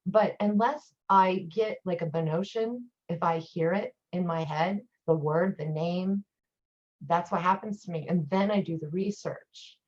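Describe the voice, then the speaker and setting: A woman's voice: on the low side, unhurried, darkish tone. A woman talking as a guest teacher in a casual chat, telling rambling stories. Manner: chatty, rambling storyteller. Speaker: guest teacher, occult priestess. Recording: dull lo-fi recording.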